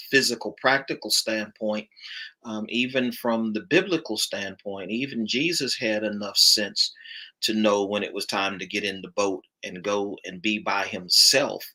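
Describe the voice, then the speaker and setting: Man, pastor, low voice, sharp and forceful, emphatic rising delivery. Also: rough recording. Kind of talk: panel conversation with preaching cadence.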